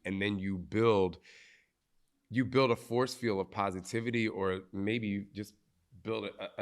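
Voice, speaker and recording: Blunt, swearing man. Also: low-pitched. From New Jersey. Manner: blunt, emphatic, swears freely. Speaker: podcast host. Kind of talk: live podcast talk.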